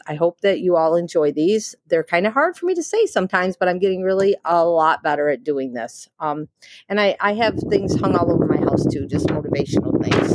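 Woman podcast host, deep voice, dry close sound, candid, halting. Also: no room sound. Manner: candid, halting, with many ums and restarts. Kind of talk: personal testimony podcast. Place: outdoors in wind.

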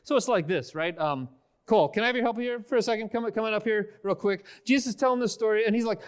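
A man preaching a conversational sermon on a church stage, animated and casual, often repeating words as he restarts. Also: high voice, fast, clean tone. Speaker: pastor. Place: church stage before a congregation.

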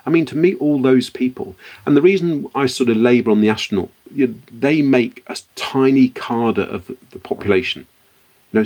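Low-voiced middle-aged British man, reflective. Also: a little mellow. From Britain. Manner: reflective, frequent restarts and repeated words. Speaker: guest, company founder. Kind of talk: podcast interview storytelling.

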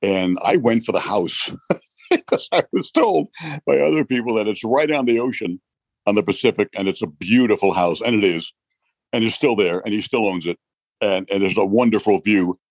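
Older New man, husky low voice. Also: normal speed, no room sound. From New York. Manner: animated storyteller, laughs often, acts out voices. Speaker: retired baseball broadcaster, guest. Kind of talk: storytelling interview.

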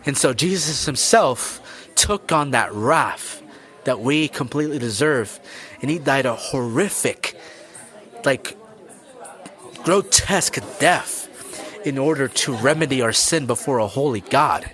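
A man's voice: medium pitch, animated, measured pace, fairly bright tone. A man hosting a Christian podcast, explaining scripture in an earnest, preacherly way and speaking straight to the listener. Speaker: podcast host.

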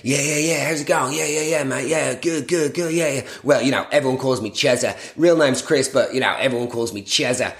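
A man's voice: mid-range voice, a little fast, few pauses, a bit bright, natural voice. Man putting on a chummy holiday rep. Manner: chummy, repetitive filler-talk. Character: laddish English expat holiday rep, man.

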